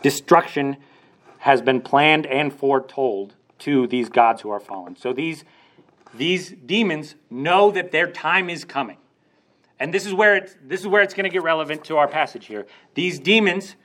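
A man's voice: a little high, sharp tone. A young man preaching a sermon in a conversational way, asking rhetorical questions and acting out quoted lines.

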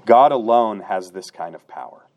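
Earnest male preacher, lowish voice. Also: expressive, moderate pace. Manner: earnest, builds to emphatic peaks then drops soft. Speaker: pastor. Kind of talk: sermon.

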